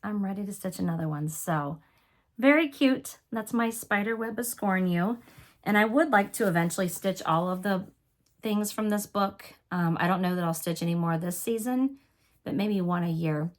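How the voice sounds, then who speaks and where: A woman's voice: mid-range voice, moderate pace. Chatty woman with a cough. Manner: chatty, apologetic, enthusiastic. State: coughing, with a sore throat. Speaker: cross-stitch video host. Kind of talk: casual show-and-tell chat.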